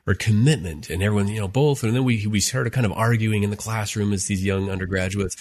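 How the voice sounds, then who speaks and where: A man's voice: on the low side, fairly even intonation, fast. A middle-aged man co-hosting a marriage podcast, talking earnestly with plenty of fillers and restarts. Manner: earnest, warm storyteller with many fillers. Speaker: co-host, marriage therapist. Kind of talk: casual podcast conversation.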